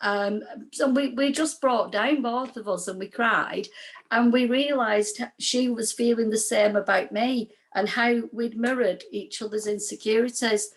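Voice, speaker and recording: English woman, group member, earnest personal share over a video call; slightly high voice. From England. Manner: emotional, earnest storytelling. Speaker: study group participant.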